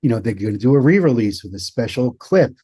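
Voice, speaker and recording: A man guest in an interview, telling his story earnestly and measured, with an occasional swear for emphasis. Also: medium pitch, expressive, warm tone, breathy edge, no room sound. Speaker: guest, author and producer.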